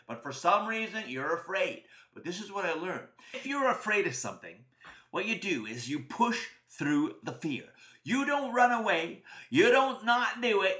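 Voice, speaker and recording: Animated, high-voiced storyteller man. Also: echoey room. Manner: animated, playful, acts out scenes. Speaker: storyteller host. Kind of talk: storytelling for children.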